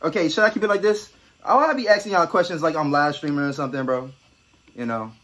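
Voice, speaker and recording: A man's voice: on the high side, quick pace, fairly bright tone. A young man doing goofy, riffing commentary while playing a horror game. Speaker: gaming YouTuber. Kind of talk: comedic let's play commentary.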